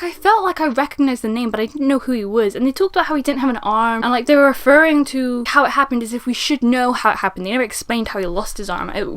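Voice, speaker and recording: A young woman giving a casual spoken book review, chatty and animated, laughing often. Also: fairly high pitch.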